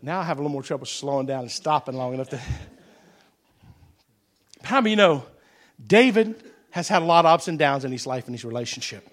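A middle-aged male pastor preaching a sermon, telling folksy stories that swell into shouted preaching. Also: medium pitch, animated, fast talker, pauses often.

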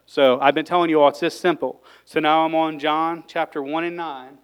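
Lay preacher, man, heartfelt and excitable; resonant, clean voice pitched a bit high. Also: normal speed, clean tone, rough recording. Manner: fervent, gets worked up, sighs and exclaims between points. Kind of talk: emotional sermon.

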